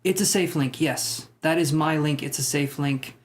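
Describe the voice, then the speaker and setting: A man's voice: fairly high pitch, moderate pace. Joking, rambling man chatting on a livestream. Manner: rambling, self-deprecating, joking with chat. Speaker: tarot livestream host. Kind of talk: casual live-stream chat reading comments.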